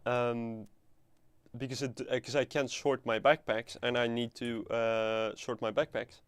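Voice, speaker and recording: A man's voice: mid-range voice, level tone, unhurried, smooth, dry recording. Guy streaming a game, rambly and joking around, swears a bit. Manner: rambling, playful, swears casually. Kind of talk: casual live game stream chat.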